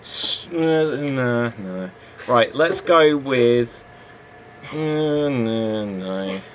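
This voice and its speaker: Slow, hesitant male improv host. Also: mid-range voice, lively intonation. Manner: laughs often, hesitant and unhurried. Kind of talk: casual improv game hosting. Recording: faint background noise.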